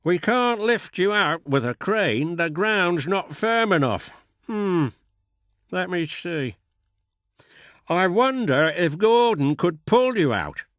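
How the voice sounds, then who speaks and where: A man's voice: sits high, sing-song, slow pace, a bit bright, no echo, studio quality, pitched above the performer's own voice, exaggerated voice. A man voicing a stern, portly railway boss who speaks in a reproving, commanding way. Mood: thoughtful.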